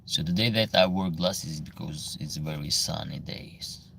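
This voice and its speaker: A man from Albania with an Albanian accent, hosting a casual livestream Q&A, reading viewer comments aloud and answering in halting, broken English. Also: a bass voice, gravelly, fairly bright tone, a little hiss or hum.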